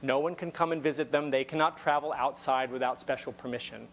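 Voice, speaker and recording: A man's voice: mid-range voice, fairly even intonation, fairly quick, slight background noise. A man giving a talk to an audience, telling a story conversationally with wry asides and frequent repeated words.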